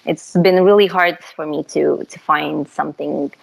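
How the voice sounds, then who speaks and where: A young woman from Romania, a photographer talking as a guest in a relaxed, chatty way, with fillers and easy laughs. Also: sits low, normal speed, vocal fry, breathy edge, rough recording. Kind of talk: casual interview chat.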